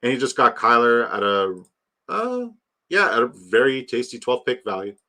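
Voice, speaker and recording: A man's voice: mid-range voice, sing-song, normal speed, bright, forceful tone. A young man chatting casually on a fantasy football stream, rambling and joking, swearing freely. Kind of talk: casual live-stream chat.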